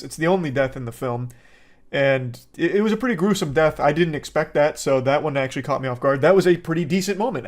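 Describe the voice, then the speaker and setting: Exasperated sarcastic man ranting. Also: on the high side. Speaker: online movie reviewer. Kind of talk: casual ranting commentary.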